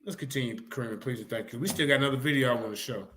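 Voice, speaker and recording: Racing along in a mid-range voice with a fairly bright tone, a man confronts a rival during a heated online debate panel, and slight background noise can be heard. He swears and repeats his call-outs with angry emphasis.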